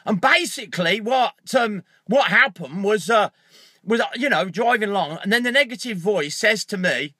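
High, bright-voiced storytelling man. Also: normal speed, no room sound, studio quality. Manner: animated storytelling, swears freely. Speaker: motivational speaker. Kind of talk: casual self-recorded video talk.

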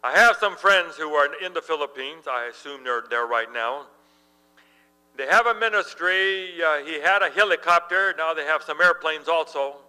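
A middle-aged man preaches in a church and tells his stories with lively energy, chuckling along the way. His voice is fairly high for a man and very bright and ringing. A low electrical hum sits under the recording. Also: normal speed, clear, resonant tone, in a large hall, poor audio. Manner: animated storyteller, laughs while telling. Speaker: pastor. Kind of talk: sermon with storytelling.

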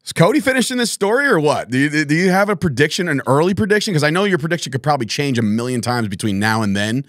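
A man's voice: on the high side, expressive, quick pace, a bit bright, dry recording, clean studio sound. A man hosting a podcast interview, talking in a chummy, rambling way with frequent laughs and slang. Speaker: podcast host. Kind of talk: casual interview chat.

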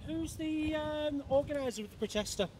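A man, a police officer outdoors, asking questions calmly and with some hesitation. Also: very high-pitched, brisk, a little hiss or hum. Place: outdoors on a street.

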